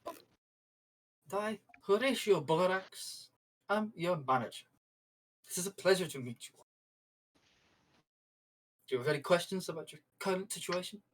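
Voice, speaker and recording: A game master voicing a smug, polite male corporate manager who speaks slowly and with faint menace. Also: medium pitch, expressive, pitched above the performer's own voice, poor audio. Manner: courteous, drawn-out, faintly menacing.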